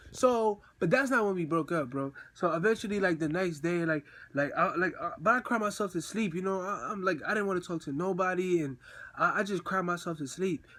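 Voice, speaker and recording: Young male vlogger, high voice, casual slangy storyteller, acts out crying. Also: fairly bright tone. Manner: slangy, repeats himself, says "bro" a lot.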